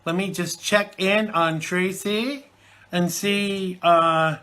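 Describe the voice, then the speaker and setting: A man's voice: high-pitched, takes it slowly, bright, forceful tone. A man hosting a live internet talk show from the UK, chatting and rambling with many fillers, recovering from a chesty cold. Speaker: host.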